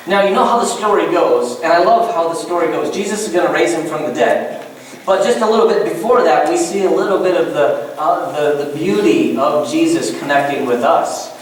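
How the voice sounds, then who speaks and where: A man preaching a sermon to his congregation as pastor, animated and joking in asides. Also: fairly high pitch, brisk, slight background noise. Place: church. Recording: echoey church room from far off.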